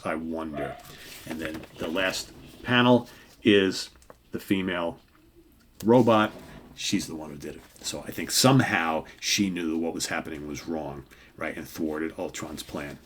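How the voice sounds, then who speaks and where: An older man hosting a show, recapping a comic book in a relaxed, chatty way. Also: low voice, a little hiss or hum. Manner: relaxed, chatty, loosely reads out dialogue. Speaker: host.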